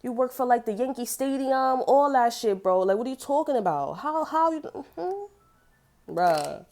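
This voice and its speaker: A woman's voice: fairly high pitch, expressive, normal speed, a little mellow. A woman giving a casual tarot reading, venting bluntly with lots of profanity. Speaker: tarot reader.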